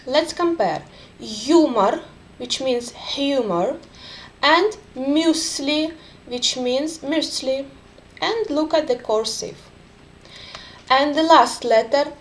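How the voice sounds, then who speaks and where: Slow, careful woman teaching the alphabet. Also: high-pitched. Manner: careful, deliberate, with frequent "uh" fillers. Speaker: Russian language teacher. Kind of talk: slow instructional alphabet lesson.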